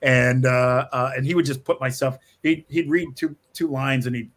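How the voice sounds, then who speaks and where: A man's voice: medium pitch, steady tone, normal speed, fairly bright tone. Rambling middle-aged man telling writing stories. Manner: rambling, with frequent restarts and laughs. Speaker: screenwriter guest. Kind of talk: casual interview talk.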